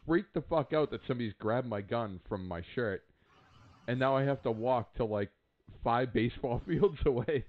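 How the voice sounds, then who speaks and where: Brief: man co-host, mid pitch, profane animated storyteller, phone-thin sound. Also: normal speed, narrow, tinny audio. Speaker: podcast co-host. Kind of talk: casual chat.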